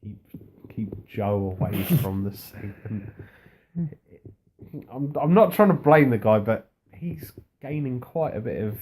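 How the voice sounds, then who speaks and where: A man talks wrestling in a slow, unhurried drawl. His voice sits on the low side, and his tone stays laid-back and dry as he rambles through the recap with his co-host. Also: animated, a little mellow, husky. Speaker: podcast co-host. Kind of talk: casual wrestling recap chat.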